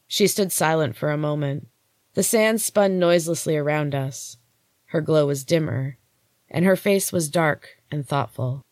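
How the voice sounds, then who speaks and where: A woman host reading a first-person story in a steady, unhurried way. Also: deep voice, no room sound, studio quality. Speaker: podcast host and story reader.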